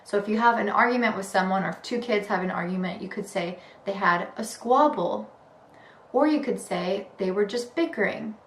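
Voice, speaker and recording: A woman teaching English vocabulary in a clear, explanatory way, drawing out key words for emphasis. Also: medium pitch, moderate pace. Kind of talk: vocabulary lesson. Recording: echoey room with faint background noise.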